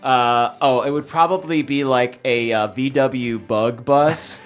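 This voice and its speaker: A woman player in a tabletop game, excitable and prone to squeals. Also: a bass voice, takes it slowly. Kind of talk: casual tabletop play.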